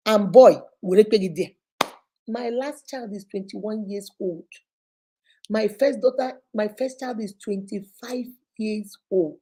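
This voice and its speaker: A woman in her fifties with a Nigerian accent talks in a mellow, fairly high voice. She hosts a casual advice stream and scolds in an animated way. She mixes in pidgin and Igbo phrases. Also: measured pace, slightly rough. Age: 50s. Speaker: host. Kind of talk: casual livestream advice talk.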